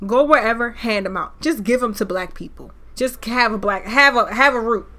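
Fiery, bright-voiced woman podcaster. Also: fairly high pitch, lively intonation, normal speed. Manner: fiery, preachy, loud at times. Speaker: podcast host. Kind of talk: impassioned solo podcast rant.

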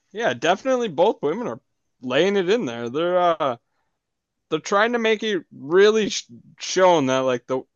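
A man's voice: a little high, dry recording. A man co-hosting a casual podcast, talking with enthusiasm. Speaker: podcast co-host. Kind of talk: casual chat. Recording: muffled lo-fi audio.

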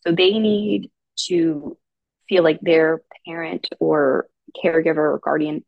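Woman, parenting coach, low voice, dry close podcast recording, patient and explanatory. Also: a little slow, vocal fry, no room sound, dull audio. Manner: calm, explanatory, uses many fillers. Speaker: parenting educator guest. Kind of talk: casual advice chat.

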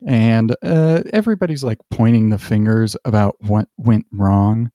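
A man with a low, mellow voice runs a tabletop game and narrates the scene at an easy, halting pace. The sound is dry and close, with no room around it. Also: no room sound. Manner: relaxed, halting scene-setting with fillers. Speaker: game master.

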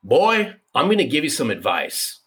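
A man's voice: a little high, huge pitch swings, normal speed, a bit bright, slightly rough, voice pushed up, exaggerated voice. A man quoting his blunt, stern older mother-in-law as she lectures him, in a near-plain voice. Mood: stern advice.

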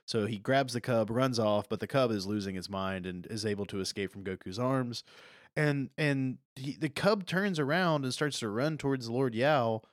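A man's voice: medium pitch, moderate pace, no echo. Man recapping a movie in a dry room. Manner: animated, acts out character lines in a raised voice. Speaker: podcast co-host. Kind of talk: casual chat recapping a movie.

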